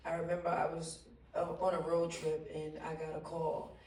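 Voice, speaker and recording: A woman on a panel telling a lively, slangy anecdote, laughing often and mimicking others' voices. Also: deep voice, moderate pace. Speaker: actress on a panel. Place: stage at a theater Q&A. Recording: roomy hall, distant mic, faint noise.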